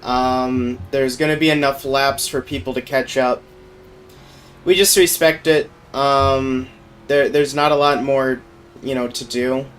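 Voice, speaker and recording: A man's voice: mid-range voice, steady tone, unhurried, a bit bright, a little hiss or hum. A man casually talking through his own sim race, laid-back and full of fillers. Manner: laid-back, filler-heavy, thinking aloud while driving. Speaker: sim racing streamer.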